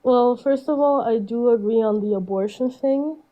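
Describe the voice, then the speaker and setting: A woman's voice: fairly high pitch, normal speed, highs cut off. An eighteen-year-old woman calling in to a live debate stream, stuffy from being sick and hesitant, with many ums. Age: teens. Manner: hesitant, filler-heavy. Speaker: caller. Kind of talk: casual call-in debate.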